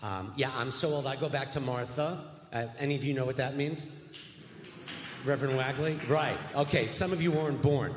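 A man's voice: mid-range voice, normal speed, background noise. A man, a rabbi giving an earnest, folksy guest speech in a church sanctuary. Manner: folksy, earnest, self-deprecating. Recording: echoey church hall.

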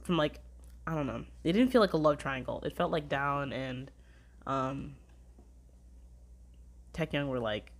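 A woman rambling through a casual weekly review of her shows, gushing, swearing freely and saying "like" a lot. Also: low voice. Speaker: drama reviewer.

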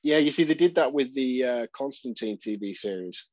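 A man's voice: medium pitch, lively intonation, moderate pace, darkish tone, no echo. Laid-back Englishman on dull, dry audio. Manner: laid-back, swearing, calls others "man". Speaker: podcast co-host. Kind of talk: casual chat.

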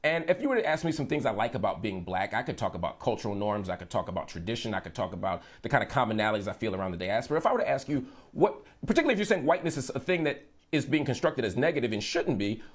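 Male broadcast interviewer, fast and pushy, animated delivery. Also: mid-range voice. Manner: pressing, insistent. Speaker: interview host.

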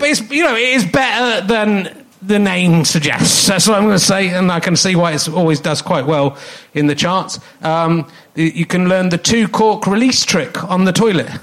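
A man's voice: high voice, a bit bright. A man with an English accent hosting a comedy podcast live on a theatre stage, rambling and mocking himself in a sarcastic, joking way. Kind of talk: live stand-up style podcast intro.

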